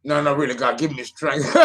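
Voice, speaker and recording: A man hosting an astrology channel, talking casually and theatrically, often exclaiming and laughing at himself. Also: a little high. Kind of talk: casual solo astrology talk.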